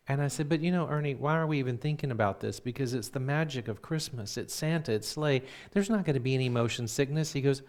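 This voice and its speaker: A man who is a minister, telling a personal story in a sermon and acting out the dialogue with lively voices. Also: mid-range voice, fast, few pauses. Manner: turns quiet and reflective when preaching.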